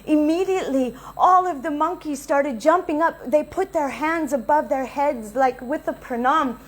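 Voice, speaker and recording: A woman's voice: high-pitched, moderate pace, low-quality recording. A woman giving a devotional talk, earnestly telling a personal story and acting out the dialogue. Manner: earnest, confessional, retells dialogue. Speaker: spiritual speaker.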